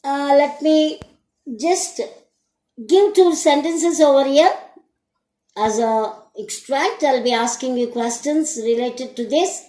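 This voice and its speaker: A woman teacher with an Indian English accent leads an English lesson in a high voice, moving slowly and deliberately. She keeps putting questions to her students. The recording sounds echoey, as if made in a bare room. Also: warm tone. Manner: slow, deliberate, asks the class questions.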